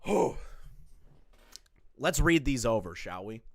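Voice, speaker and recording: A man's voice: big pitch swings, takes it slowly, no echo. A man ranting sarcastically and with profanity on a live commentary stream. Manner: exasperated, profane and sarcastic, with jumps in pitch. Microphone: streaming setup with a camera.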